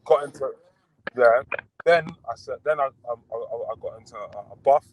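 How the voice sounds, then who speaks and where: A man chatting as a boxer guest on a podcast, relaxed and full of fillers and restarts. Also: mid-range voice, moderate pace, dry recording, rough recording. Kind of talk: casual podcast interview.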